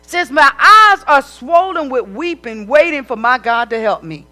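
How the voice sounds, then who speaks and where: Female preacher, high and bright, animated emphatic delivery with conversational asides. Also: moderate pace. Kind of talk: sermon.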